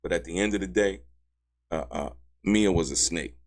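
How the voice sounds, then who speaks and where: Excitable man hosting trial commentary. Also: normal speed. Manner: excitable, repeatedly addressing "ladies and gentlemen", pitch leaping high when outraged; laughs mid-sentence, emphatic repetition. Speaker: commentary channel host. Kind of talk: casual legal commentary.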